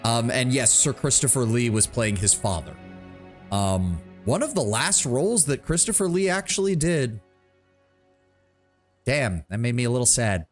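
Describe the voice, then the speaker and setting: A man's voice: medium pitch, very animated, unhurried, faint music behind. A man streaming a game, rambling casually and swearing often. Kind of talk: casual gaming commentary.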